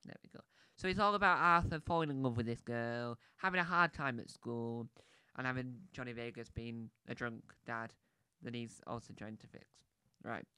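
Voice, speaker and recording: Man, casual film review podcast, rambling, chatty, smooth clear voice, dry close sound. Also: medium pitch, moderate pace, pushed and bright, no echo. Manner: rambling, chatty, with many restarts and asides.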